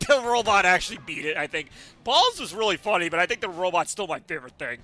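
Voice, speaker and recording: A man streaming a racing game and chatting with his viewers. His voice is bright and pitched a little high, and it swings widely as he rambles between topics and breaks into laughter. Faint game music plays underneath. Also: big pitch swings, fast talker. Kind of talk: casual game commentary.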